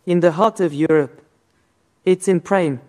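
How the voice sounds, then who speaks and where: A slow, dreamy poetry reciter with a put-on French accent, produced by an AI voice. Each line is drawn out and measured. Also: mid-range voice, darkish tone, lightly acted. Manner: reciting verse slowly.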